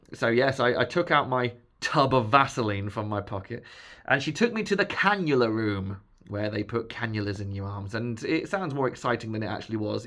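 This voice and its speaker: A man's voice: mid-range voice, a bit bright. A man vlogging, telling stories about his hospital visits in a chatty, joking, self-mocking way. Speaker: vlogger sharing his health journey. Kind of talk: casual storytelling to camera.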